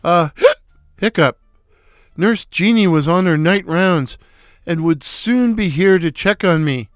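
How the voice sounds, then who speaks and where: A man narrating a comic story in a wry, deliberate way. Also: sits high, expressive, no echo, studio quality, soft background music. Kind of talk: storytelling with character voices.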